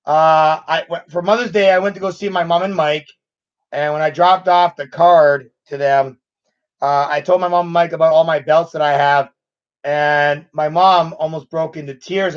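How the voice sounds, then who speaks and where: A man's voice: on the high side, lo-fi sound. A man in his thirties chatting casually as a host answering viewer questions, rambling with restarts. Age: 30s. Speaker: channel host. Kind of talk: casual live Q&A chat.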